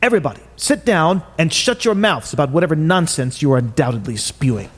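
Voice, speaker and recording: A man's voice: a little high, animated, a little fast, slightly rough, in a large hall. An actor playing a stern, exasperated male chief architect who scolds in a curt, sarcastic way.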